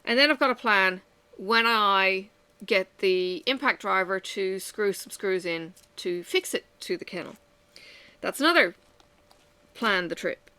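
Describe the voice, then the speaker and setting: Bright-voiced woman venting candidly. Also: medium pitch, animated, a little slow, clear, resonant tone, no room sound. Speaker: vlogger. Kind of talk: casual chat while crafting. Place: at home.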